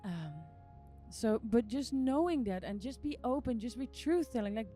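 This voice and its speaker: A woman's voice: a little high, expressive, normal speed, mellow, soft background music. A woman who is not a native English speaker, hosting a podcast and talking in an earnest, emotional spiritual monologue with repeated phrases. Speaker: podcast host.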